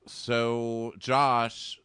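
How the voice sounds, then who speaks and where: A man co-hosting a casual recap chat who talks with animated energy, swears casually and acts out the people he describes. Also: mid-range voice, drawn-out words, clean tone, no echo, studio quality. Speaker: podcast co-host.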